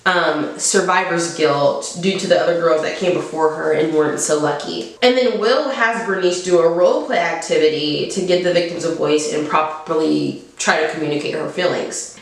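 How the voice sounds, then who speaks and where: A woman hosting a book channel, reading a novel aloud and recapping it in a casual, jokey way. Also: on the low side. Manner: casual and jokey, swears, laughs at her own slips. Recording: echoey room.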